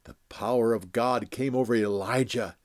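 A man narrating a Bible story in a deliberate, expressive storytelling voice. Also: mid-range voice, dry recording, studio quality. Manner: expressive, deliberate, acts out quotes.

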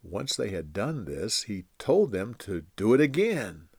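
A man narrating a Bible story in a deliberate, expressive storytelling voice. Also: on the low side, creaky, slightly rough, no room sound, clean studio sound. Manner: expressive, deliberate, acts out quotes.

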